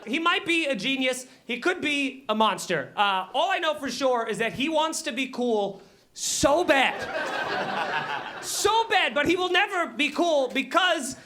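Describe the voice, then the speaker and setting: A man's voice: very high voice, normal speed, slight background noise. A man performing stand-up comedy in a small club, brash and profane, chatting with the crowd and acting out little scenes. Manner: brash, profane, animated storytelling with acted-out asides. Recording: live club audience laughing.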